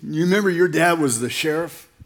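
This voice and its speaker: A man voicing a sheepish husband in a joke, speaking in a hushed, deadpan way. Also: fairly high pitch, a little fast, natural voice. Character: sheepish husband telling wife a confession.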